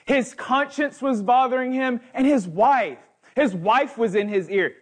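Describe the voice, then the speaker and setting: Male guest preacher with a high voice and slow delivery, emphatic and repetitive. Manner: emphatic repetition, building lists. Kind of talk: sermon.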